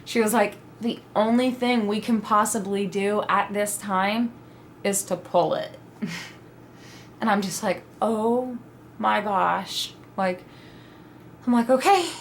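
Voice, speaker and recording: A woman's voice: mid-range voice, takes it slowly, pauses often, a little hiss or hum. Chatty young woman telling a story. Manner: animated, dramatic retelling with quoted asides. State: pregnant (at the time told). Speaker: vlogger. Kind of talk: casual storytelling.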